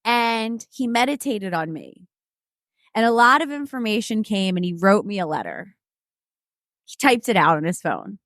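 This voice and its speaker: A woman guest co-host telling a story in casual chat, animated and candid, often laughing. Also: mid-range voice, moderate pace, no echo, clean studio sound.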